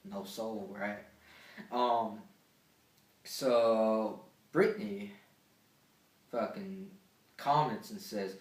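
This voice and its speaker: A man's voice: lowish voice, slow, long pauses, distant mic. A teenage boy telling a rambling, swear-filled story from school as a casual vlog, with many fillers. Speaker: vlogger. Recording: echoey room, off-mic.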